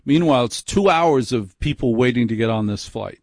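A man's voice: medium pitch, animated, a little fast, a little mellow, no room sound. A man hosting a late-night radio show, telling a story in a chatty, self-deprecating, rambling way from a studio mic.

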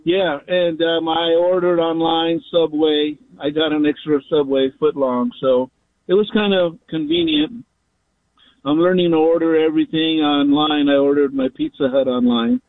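A man's voice: on the high side, moderate pace, dry recording. A man calling in to a radio show from his car, talking in a rambling, jokey way. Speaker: caller. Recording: phone line.

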